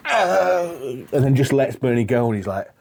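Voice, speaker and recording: A man's voice: a little fast, a little hiss or hum. A man co-hosting a podcast, telling stories in casual chat and acting out scenes. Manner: animated storyteller, acts out scenes in high voices. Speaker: podcast co-host.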